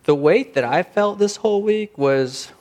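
A man preaching a sermon as pastor, earnest, slowing down and rising in volume for emphasis. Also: sits high, lively intonation, darkish tone. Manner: earnest, slows and rises for emphasis.

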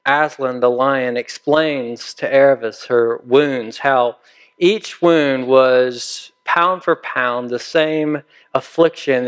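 A male pastor giving a sermon, telling a story with deliberate, dramatic pauses. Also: mid-range voice, clear, resonant tone.

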